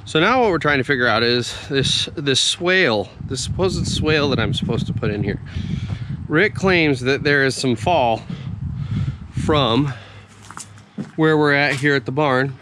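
A man's voice: fairly high pitch, bright, forceful tone. Equipment operator guy walking a job site, grumbly jokey explainer, engine noise and wind behind him. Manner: grumbling, joking, explains step by step. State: chewing a little. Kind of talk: casual walk-and-talk vlog. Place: outdoors at a building site.

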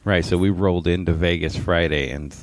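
A man's voice: low voice, fairly even intonation, a little fast, no echo. A man co-hosting a casual chat, easygoing, with goofy asides. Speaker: podcast co-host.

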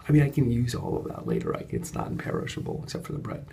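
A man talking in an unedited casual vlog at home at night, chatty and animated, telling a story with lots of fillers. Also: extremely low pitch, quick pace, gravelly, slight background noise. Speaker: vlogger and course coach. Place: home studio apartment at night.

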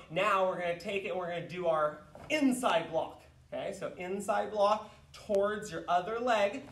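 A man leading an online martial arts class, explaining stances and shouting counts and drill commands. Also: high-pitched, normal speed. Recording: roomy echo, mic far off.

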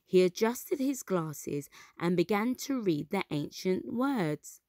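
Woman reading a kids story, slow and gentle, lots of ups and downs, dry close mic. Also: medium pitch, no room sound. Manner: gentle, expressive and unhurried. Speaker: children's storyteller. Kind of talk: reading a storybook aloud to children.

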